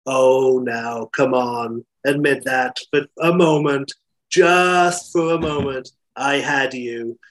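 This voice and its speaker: A man voicing a cool, self-assured female con artist with a crisp, teasing delivery. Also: on the high side, normal speed, no echo, rough recording.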